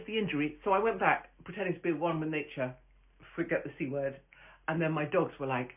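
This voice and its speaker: A woman's voice: fairly low pitch, normal speed, long pauses. Brash, foul-mouthed woman on a phone stream. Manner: brash, profane, rambling, laughs often. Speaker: host of a live stream, stand-up comic. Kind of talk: casual live-stream chat. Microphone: phone camera. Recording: tinny phone-quality audio.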